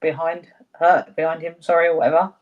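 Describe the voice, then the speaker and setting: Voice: mid-range voice, level tone, fairly quick, muffled recording. Player at a tabletop game, hesitant. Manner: hesitant, self-correcting, apologetic. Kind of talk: casual chat at a tabletop game.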